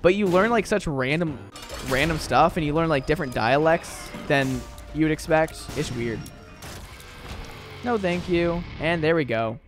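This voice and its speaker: Young man, game streamer, casual rambling chat, slightly high voice, faint music behind. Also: measured pace. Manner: chatty, rambling with fillers.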